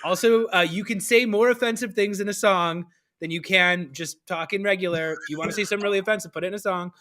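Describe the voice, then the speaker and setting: Animated man hosting a live stream. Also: high voice, fast talker. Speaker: host. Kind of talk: casual live-stream conversation.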